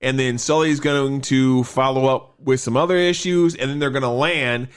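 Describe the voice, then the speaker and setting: A man's voice: mid-range voice, normal speed, smooth. A man co-hosting a podcast, chatting casually and recapping a film scene by scene. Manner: animated, recapping a movie scene by scene. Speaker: podcast co-host. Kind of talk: casual chat.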